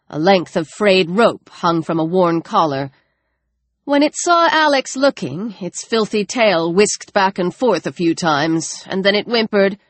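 A woman narrating an audiobook in a measured, even reading voice on a close microphone. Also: medium pitch, dry recording.

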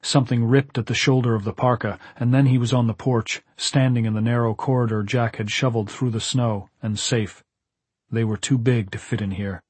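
A male audiobook narrator with a husky, slightly breathy voice reads in a measured, dramatic way. The recording is close and dry, with no room sound. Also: medium pitch, steady tone, a little mellow, dry recording. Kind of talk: scripted narration.

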